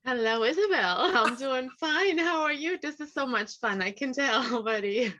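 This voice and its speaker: A woman with a light German accent chats as a guest in a lively way and laughs often. Her voice is bright and fairly high. The sound is a little dull. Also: moderate pace. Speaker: guest, life coach. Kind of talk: casual interview chat.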